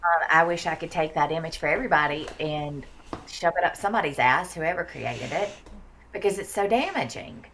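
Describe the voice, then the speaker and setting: Low-voiced blunt Southern American woman. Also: a little fast, a bit bright, slight background noise. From Mississippi, US Deep South. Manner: blunt and frank, swears for emphasis. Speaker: guest. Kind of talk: candid conversation about inner child therapy.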